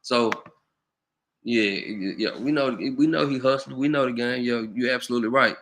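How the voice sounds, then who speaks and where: Rambling man, bright voice. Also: medium pitch, steady tone, moderate pace, slight background noise. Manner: loose, conversational, lots of "you know". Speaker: channel host. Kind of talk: casual commentary monologue.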